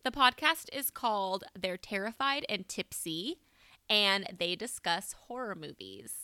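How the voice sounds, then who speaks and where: A woman's voice: mid-range voice, very animated, a little slow, bright, forceful tone, smooth, no room sound. A woman co-hosting a podcast, chatting casually and bluntly, with a bit of swearing. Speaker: podcast co-host. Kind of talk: casual chat.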